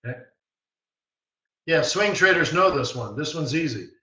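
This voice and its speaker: A man with a higher, bright, forceful voice speaks expressively at a moderate pace. A forex market strategist, he hosts a live trading webinar and teaches bluntly and emphatically using short, repeated commands. The recording sounds roomy and distant, with a dull mic.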